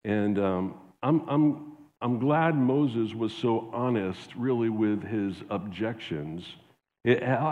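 A man's voice: medium pitch, darkish tone, big-room sound, dull audio. A man preaching a sermon as pastor, earnest and often restarting with repeated words.

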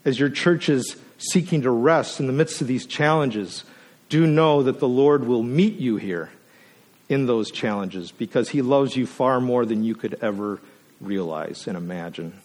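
A man preaching a sermon as a guest speaker, earnest and emotional, at times choked up, his voice rising to emphatic peaks and sinking to a near hush. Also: mid-range voice, a little slow. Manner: earnest, emotional, swells up then drops to a hush.

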